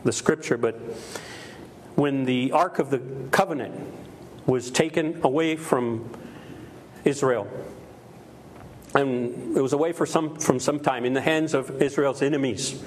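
A man's voice: mid-range voice, unhurried, pauses often, a little hiss or hum. A middle-aged man preaching a sermon with emphasis, repeating key phrases and acting out quoted voices. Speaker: pastor.

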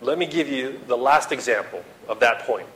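A man preaching a sermon to his congregation, swinging from loud dramatic outbursts to hushed appeals and acting out the quotes he reads. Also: mid-range voice, normal speed, poor audio. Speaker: pastor.

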